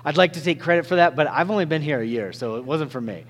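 A man's voice: fairly high pitch, expressive, quick pace, long reverb tail. A male pastor delivering a sermon in a conversational way, with joking asides and sudden changes of pace.

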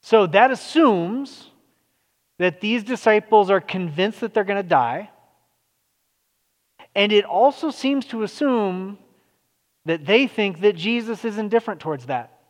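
A man's voice: high voice, expressive, a little slow, long pauses. A man preaching a sermon in a loose, conversational way, full of fillers and restarts. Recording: long hall reverb.

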